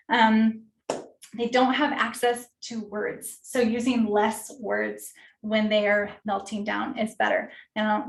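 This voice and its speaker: Chatty woman therapist in an echoey room. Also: a little high. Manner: friendly, conversational, many fillers. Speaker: occupational therapist leading a parent workshop. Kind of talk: informal teaching talk. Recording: roomy echo, distant mic.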